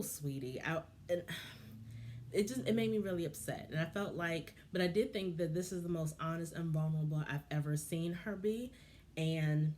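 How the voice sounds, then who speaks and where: A woman's voice: low voice, a little mellow, slight background noise. A woman vlogger giving casual, impassioned and frustrated commentary on a reality show.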